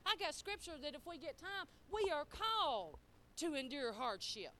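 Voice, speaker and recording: A middle-aged woman preacher giving a sermon, telling folksy stories and prodding her congregation for responses, swinging between quiet and loud. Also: high-pitched, big pitch swings, normal speed, a little hiss or hum.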